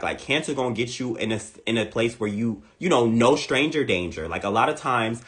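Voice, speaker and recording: A man giving a casual, comedic astrology monologue, playful and animated, repeating lines for emphasis. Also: mid-range voice, fairly quick. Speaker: astrology content creator.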